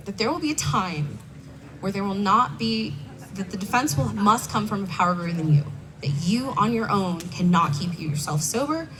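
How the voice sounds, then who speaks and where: A young woman speaking candidly at a recovery meeting, telling her personal story in a conversational way with self-mocking asides. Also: mid-range voice. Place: conference hall stage. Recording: distant mic with faint background noise.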